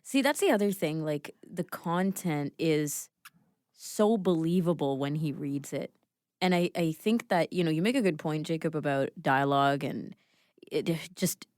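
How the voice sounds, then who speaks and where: Animated woman co-host with lively pitch. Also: no echo, clean studio sound. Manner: animated, playful, acts out reactions. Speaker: podcast co-host. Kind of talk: casual panel discussion.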